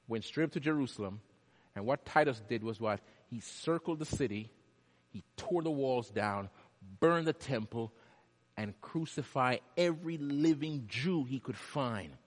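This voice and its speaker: A male pastor delivering a sermon, swinging from hushed, quiet lines to loud, impassioned ones. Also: medium pitch. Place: church. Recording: long echo of a large hall.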